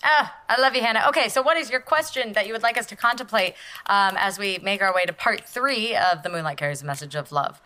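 A woman's voice: mid-range voice, fast, pushed and bright. A woman co-hosting a podcast in a playful, chatty and self-deprecating way. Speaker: podcast co-host. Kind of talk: casual podcast chat.

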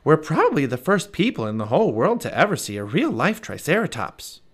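A man voicing an eager, curious, fearless young girl in a storybook reading, with a high and bubbly delivery. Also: wildly swooping pitch, brisk, slightly rough, full character voice. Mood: cheerful.

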